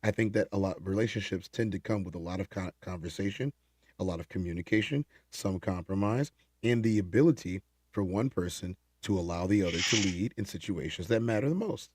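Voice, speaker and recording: A man hosting a late-night livestream, reading chat comments in casual talk, animated and prone to repeating himself and restarting phrases. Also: deep voice, fairly quick, slightly rough, no echo, clean studio sound.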